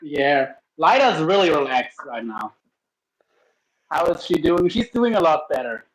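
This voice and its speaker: A man's voice: fairly high pitch, very animated, unhurried, slight background noise, low-quality recording. A man hosting a livestream, chatting casually and rambling while he cooks at home with his dog. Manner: rambling, restarts sentences. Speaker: livestream host. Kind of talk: casual chat while cooking. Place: home kitchen.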